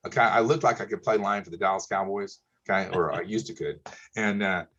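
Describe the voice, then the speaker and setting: A man's voice: lowish voice, steady tone, a little fast, a bit bright, lo-fi sound. A man, an insurance broker telling client stories in a folksy, emphatic way, often checking in with "okay?". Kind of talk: casual storytelling.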